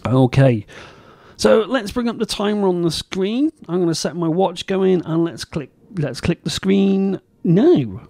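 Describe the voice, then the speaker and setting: A man's voice: high-pitched, expressive, unhurried, vocal fry, warm tone, no echo. A man hosting his own game show, chatting casually and rambling in a self-deprecating way while he plays. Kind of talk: casual gameplay commentary.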